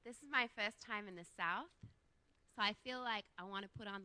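A woman's voice: mid-range voice, fairly quick, bright, forceful tone, a little hiss or hum. Bubbly young woman preaching. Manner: bubbly, chatty, upbeat. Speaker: guest speaker. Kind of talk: sermon. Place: church.

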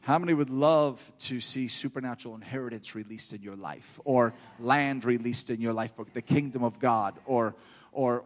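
A middle-aged man preaching a fervent sermon in church, building to loud exhortation. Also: medium pitch, long reverb tail.

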